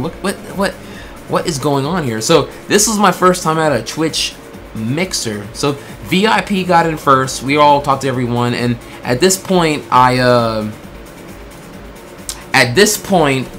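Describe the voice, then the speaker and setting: A man tells a story in a loose, animated way, swearing freely and acting out what people said to him. His voice is bright and tense, and faint music plays underneath. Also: mid-range voice. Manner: animated, swears a lot, lots of filler words; acts out quoted exchanges in bursts. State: throat getting tired. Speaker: streamer telling a story. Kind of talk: casual storytelling.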